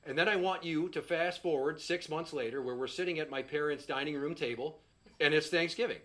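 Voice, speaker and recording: A man's voice: on the high side, fairly quick, fairly bright tone. A middle-aged man doing a stand-up set, telling a profane, exasperated story and acting out the quotes. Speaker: stand-up comedian.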